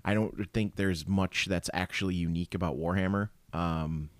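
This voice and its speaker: A man in casual chat, swearing freely and telling stories with animated energy. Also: low-pitched, normal speed, dry recording. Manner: profane, animated storytelling.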